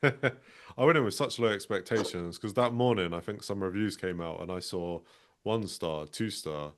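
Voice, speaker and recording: Deep-voiced chatty man. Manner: apologetic, chatty, quick asides. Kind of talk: casual film review chat.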